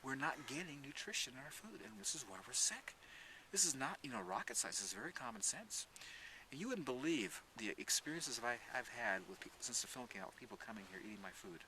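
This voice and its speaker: A man being interviewed as a gardener, telling animated stories and getting loud when he quotes people. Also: mid-range voice, fairly quick, a little hiss or hum, rough recording. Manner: emphatic, loud bursts when quoting people.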